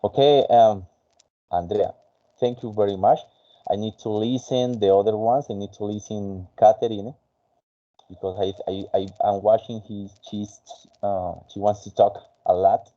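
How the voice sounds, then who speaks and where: A man whose first language is Spanish, teaching an English conversation class in a halting way with many fillers. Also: on the low side, steady tone, dull audio.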